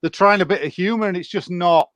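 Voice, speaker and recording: A man's voice: high-pitched, fast, a bit bright, no echo. A man, a podcast co-host in casual chat, rambling and hedging.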